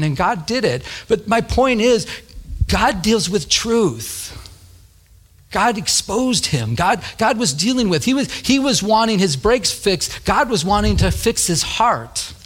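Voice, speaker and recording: A male pastor preaching in a storytelling sermon, his voice sitting a bit higher than most men's. He talks earnestly and conversationally and gets animated as he tells the story.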